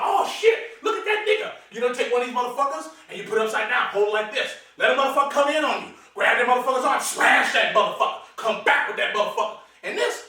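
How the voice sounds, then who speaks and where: A man with a very high, bright voice rattles off a brash, boastful, profane comedic monologue at a quick clip. He keeps chuckling between lines. The sound is roomy and echoey, with the mic set far from him and a faint hiss underneath. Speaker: comedic host showing his knives.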